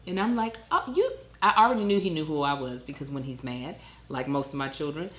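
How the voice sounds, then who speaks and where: A woman with a low, full voice co-hosts a casual podcast and tells family stories with plenty of animation. She laughs easily and slips into little voices as she goes. The sound carries a noticeable room echo. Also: fast. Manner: animated storytelling, laughs often, acts out voices. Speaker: podcast co-host. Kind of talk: casual chat. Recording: echoey room.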